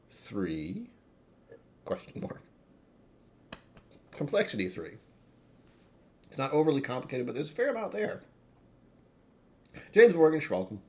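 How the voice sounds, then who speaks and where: A man's voice: mid-range voice, darkish tone. A man hosting a whiskey tasting livestream, chatting casually with viewers in a wry, self-mocking way.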